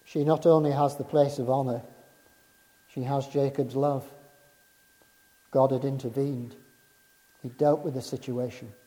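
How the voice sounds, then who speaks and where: A man preaching a sermon in a measured, emphatic way, dropping low and soft on key phrases. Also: steady tone. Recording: reverberant hall.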